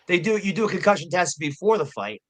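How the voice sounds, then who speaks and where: A professional fighter appearing as a podcast guest tells a story in a casual chat, rambling, profane and repetitive. His voice sits high and sing-song, a bit bright, and moves at a quick pace.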